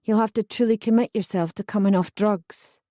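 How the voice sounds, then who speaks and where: A woman's voice: medium pitch, fairly even intonation, a little fast, dark tone, dry recording, studio quality, natural voice. A woman reading an audiobook, voicing a frank, firm female drug counsellor who speaks in a businesslike way.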